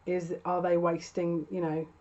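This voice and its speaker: A woman talks through a tarot spread, musing and hesitant, often restarting her sentences. Her voice sits low and stays level, with little rise and fall. The recording sounds dull and lo-fi. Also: flat delivery, a little slow, dark tone. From United Kingdom. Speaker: tarot reader. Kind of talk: tarot reading monologue.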